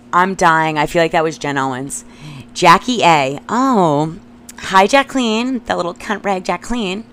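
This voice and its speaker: Podcast host, woman, thirties, slightly low voice, reads old notes aloud, salty and giggly commentary. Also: a little hiss or hum. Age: 30s. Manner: profane, giggly asides.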